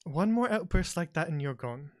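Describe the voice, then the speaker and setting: A man's voice: fairly high pitch, expressive, moderate pace, voice pushed up, close to an everyday voice. A man voicing Lucilla, a strict woman in charge of the staff, who gives curt warnings. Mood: stern. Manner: curt, threatening.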